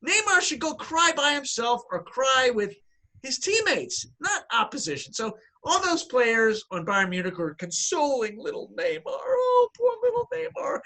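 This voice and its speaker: A man's voice: very high-pitched, very animated, unhurried, bright, forceful tone. A man co-hosting a casual sports podcast, talking in an emphatic, opinionated rant. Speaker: podcast co-host.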